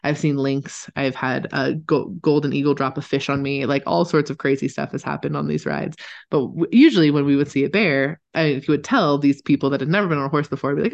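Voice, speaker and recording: A woman co-hosting a podcast, telling stories in a lively, casual way and swearing freely. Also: sits low, brisk, gravelly, muffled recording. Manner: animated, chatty, swears casually, laughs often. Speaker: podcast co-host. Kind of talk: casual storytelling chat.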